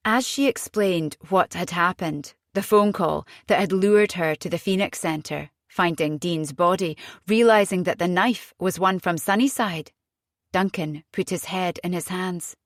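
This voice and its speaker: A woman narrating a thriller audiobook in a steady, measured reading. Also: fairly low pitch, no echo, clean studio sound. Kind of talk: scripted narration.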